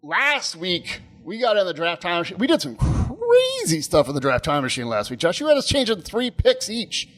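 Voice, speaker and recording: Male co-host, 30s, higher-pitched, rambling and laugh-prone storyteller. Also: normal speed, few pauses. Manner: animated, rambling, laughs often. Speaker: podcast co-host. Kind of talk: casual storytelling chat.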